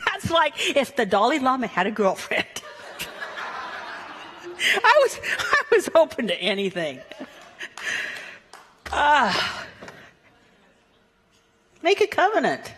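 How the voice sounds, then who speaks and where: A woman minister giving a Sunday sermon in a playful, animated way, chuckling at her own asides. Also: sits high, slow, long pauses, in a large hall. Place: church sanctuary.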